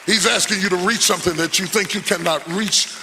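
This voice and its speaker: A man's voice: sits high, brisk, big-room sound, a crowd in the background, noisy background. A male preacher giving a sermon, emphatic and rhetorical, with repeated questions and phrases.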